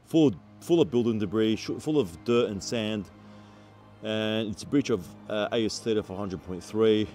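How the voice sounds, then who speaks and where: A man's voice: on the low side, normal speed, warm tone, soft background music. Blunt man inspecting a site. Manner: blunt, exasperated, laughing at shoddy work. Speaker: building inspector. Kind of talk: walkthrough site inspection vlog. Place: outdoors on a building site.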